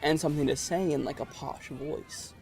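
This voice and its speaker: A man's voice: a little high, fairly even intonation, moderate pace, darkish tone, slight background noise. A man streaming a video game, rambling and joking in casual commentary.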